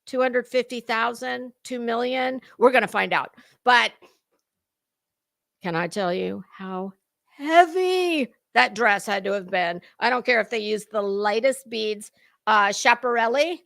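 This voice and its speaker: A middle-aged woman talks through a fashion event in a loose, rambling live-stream manner, joking at her own expense. Her voice sits a little high and sounds bright and crisp. She speaks slowly, and the recording is close and dry. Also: dry recording. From United States. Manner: chatty, rambling, self-deprecating. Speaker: fashion commentary host. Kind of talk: casual live-stream chat.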